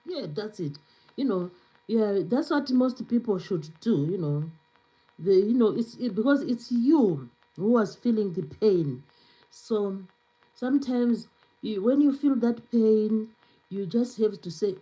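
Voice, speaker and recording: A woman's voice: medium pitch, expressive, measured pace, warm tone, slightly rough, poor audio. A woman hosting a casual live stream, chatting freely with lots of "you know"s and answering viewer comments as she goes. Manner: chatty, filler-heavy with many "you know"s.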